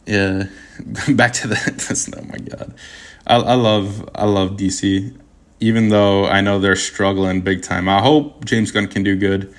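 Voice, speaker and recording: A young man of Puerto Rican heritage chatting casually on a livestream, rambling and animated, with constant stammering restarts and slang. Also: lowish voice. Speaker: streamer answering chat.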